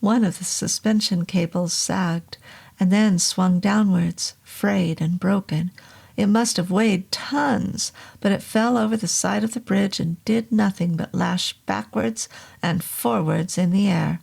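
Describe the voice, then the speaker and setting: A woman reads a horror novel aloud at a slow, deliberate pace. Her mid-pitched voice has a gravelly, vocal-fry texture. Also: darkish tone. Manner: slow, measured reading. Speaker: narrator. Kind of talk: audiobook horror narration.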